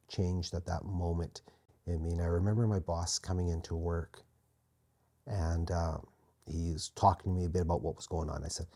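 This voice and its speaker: A man as an interview guest, quietly and earnestly telling his personal faith testimony. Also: low-pitched, little pitch movement, moderate pace. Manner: quiet, earnest, reflective storytelling.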